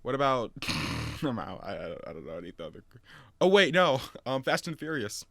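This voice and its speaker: On a casual movie podcast, a male co-host walks through scenes with lively storytelling, lots of laughs, and many fillers. His mid-range voice carries vocal fry and runs a little fast, with no echo.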